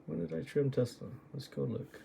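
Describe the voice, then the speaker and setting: A man's voice: medium pitch, moderate pace, vocal fry, warm tone, slight background noise. A man going over his own trades and muttering to himself, exasperated and swearing at his own choices. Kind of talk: muttering self-critical screen review.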